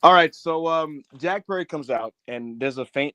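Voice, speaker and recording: A man co-hosting a wrestling podcast, telling stories in casual chat and loudly mimicking other fans. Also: on the high side, normal speed, dry recording. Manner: animated storyteller, loud impressions of fans. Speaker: podcast co-host. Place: in Newark.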